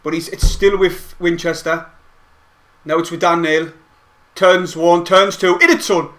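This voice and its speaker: A man giving excitable, rambling play-by-play of a match from home, as host of a fan watch-along. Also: fairly high pitch, unhurried. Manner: excitable, rambling fan commentary with mild swearing. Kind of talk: casual live play-by-play commentary. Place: at home, not at the stadium.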